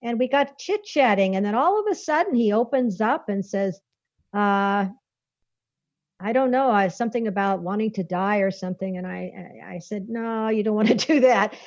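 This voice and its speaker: A woman's voice: medium pitch, moderate pace, no room sound. A woman who is a guest author, telling a story in a rambling, folksy way and laughing often between sentences. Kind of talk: conversational storytelling. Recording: dull lo-fi dry recording.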